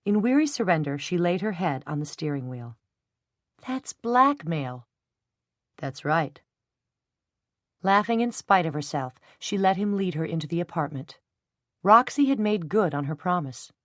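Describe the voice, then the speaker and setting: A female audiobook narrator delivers scripted narration of a novel, her tone calm, even and measured. She has a lowish voice, and the clean studio sound carries no room noise.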